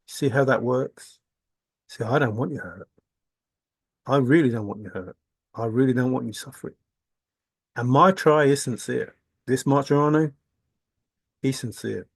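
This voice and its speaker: A video blogger giving a rambling spiritual monologue, talking in an intense, repetitive way and swearing. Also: male voice, medium pitch, a little slow, creaky, pauses often, breathy edge, no echo.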